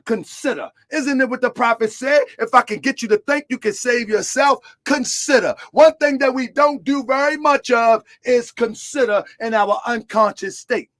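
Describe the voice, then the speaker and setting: A man preaching a sermon as a religious teacher, shouting key words, then dropping to quiet asides, and asking listeners to answer back. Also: very high voice, moderate pace, few pauses. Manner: call-and-response questions to listeners.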